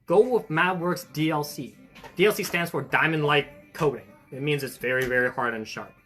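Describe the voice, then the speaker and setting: A man with a somewhat high, bright and forceful voice talks casually as a hobby shop host. He explains products in a chatty, informal way. Faint music plays softly behind him. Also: brisk. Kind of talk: casual livestream chat.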